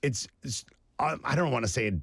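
A Canadian man chatting casually, an animated storyteller who acts out the voices in his anecdotes. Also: medium pitch, brisk, gravelly, slightly rough, no echo, clean studio sound. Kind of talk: casual chat.

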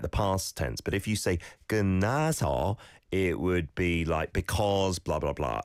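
A male radio host teaching Korean in a studio, lively and encouraging, carefully explaining pronunciation. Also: low voice, no room sound. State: slight cold, sneezing. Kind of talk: radio lesson with listener clips.

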